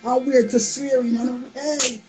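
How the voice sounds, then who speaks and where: A woman's voice: sits high, flat delivery, measured pace, over music. A woman with a Jamaican accent chatting on a live stream, playful and boastful, repeating phrases in a sing-song chant. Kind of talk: casual live-stream chat.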